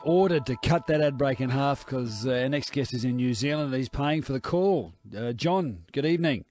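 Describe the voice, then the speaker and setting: A man, co-hosting live sports radio with brisk, teasing banter. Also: mid-range voice, darkish tone. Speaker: radio co-host.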